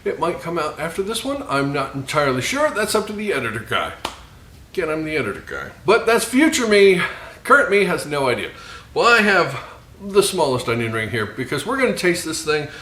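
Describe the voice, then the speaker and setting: A man's voice: on the high side, huge pitch swings, sharp tone, roomy sound, a little hiss or hum. A man hosting his own cooking video, chatting casually with self-mocking jokes as he fries food. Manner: joking, self-mocking asides with quick laughs. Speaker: cooking channel host. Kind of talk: casual cooking tutorial chat.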